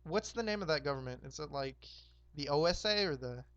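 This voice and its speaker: A hoarse young man hosting a roleplay game, casually recapping the map in a rambling, laid-back way with lots of fillers. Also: on the high side, animated, brisk, a bit bright, no echo, highs cut off. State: hoarse, sore throat.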